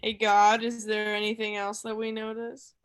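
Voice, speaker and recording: A woman's voice: a little high, completely flat delivery, normal speed, clear, resonant tone. A woman playing a tabletop game, animatedly describing her character's actions in third person.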